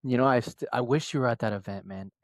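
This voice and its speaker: A man co-hosting a podcast, telling a story in casual chat with an animated, slangy delivery. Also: mid-range voice, quick pace, no room sound. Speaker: podcast co-host.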